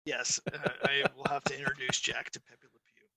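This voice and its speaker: Gravelly-voiced man telling a rambling story. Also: mid-range voice, flat delivery, a little fast, crowd noise. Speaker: podcast co-host. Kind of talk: casual chat.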